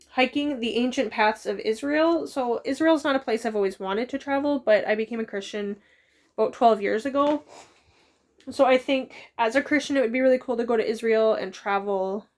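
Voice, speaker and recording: A woman in her thirties chatting casually as a book vlogger, rambling with quick asides. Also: fairly high pitch. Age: 30s. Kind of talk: casual chat.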